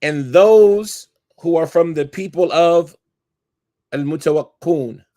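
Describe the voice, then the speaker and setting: A man teaching a mosque class on hadith scholars, reading Arabic passages quickly and explaining terms as he thinks aloud. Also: on the high side, warm tone, dry recording, studio quality.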